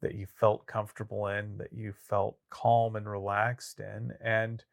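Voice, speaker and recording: Man, podcast co-host, low voice, gravelly, easygoing with jokes. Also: little pitch movement, unhurried. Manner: easygoing, joking asides. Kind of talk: casual book discussion.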